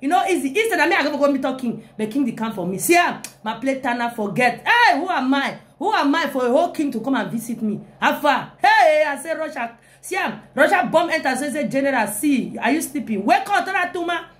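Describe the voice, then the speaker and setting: High-voiced woman, animated. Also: brisk, hardly any pauses. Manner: animated, with frequent laughing "hey, hey" exclamations. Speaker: live-stream comedian. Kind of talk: comic hype chat on a live video.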